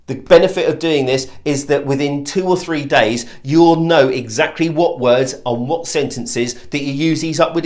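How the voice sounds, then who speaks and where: A man gives a sales training lesson in a direct, emphatic way. His voice sits a little high for a man, and he acts out example tones to make his points. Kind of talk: instructional video talk.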